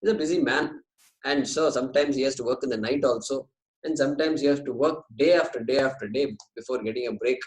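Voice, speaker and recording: A man's voice: mid-range voice, fast, roomy sound, rough recording. A man teaching a scripture class, telling a story conversationally and weaving in Sanskrit phrases.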